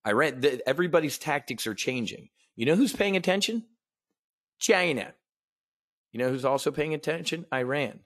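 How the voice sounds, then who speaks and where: A man's voice: mid-range voice, animated, moderate pace, pauses often, fairly bright tone, dry recording, studio quality. A man hosting a market briefing, ranting bluntly and sarcastically, with casual swearing and frequent restarts. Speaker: host of a trading market briefing. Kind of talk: casual profane livestream commentary.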